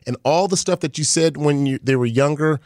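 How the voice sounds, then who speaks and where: A man's voice: a little high, fairly quick, a little mellow, no room sound. Man, 40s, reflective podcast guest, dry close sound. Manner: reflective, rambling with fillers. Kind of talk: casual chat.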